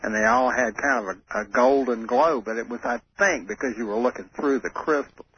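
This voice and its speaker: A man's voice: medium pitch, animated, a little fast. A man phoning in to a radio show, chatty but hesitant, stopping often to find his words. The call sounds dull and muffled, with a faint hiss in the background. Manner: hesitant, chatty, lots of uh fillers. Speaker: caller.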